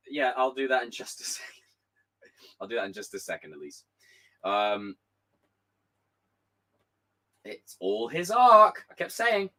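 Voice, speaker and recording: A young man hosting a casual live stream, reading chat aloud with a hoarse voice, animated and swearing freely. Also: mid-range voice, normal speed, rough recording. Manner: animated, swearing, bursts into shouts.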